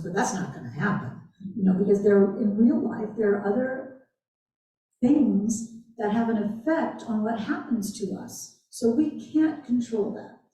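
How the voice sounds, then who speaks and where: Animated woman author in an echoey hall. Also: fairly high pitch. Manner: animated, emphatic, repeats phrases. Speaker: guest author. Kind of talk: library author talk Q&A. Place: library event room. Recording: echoey room, distant mic.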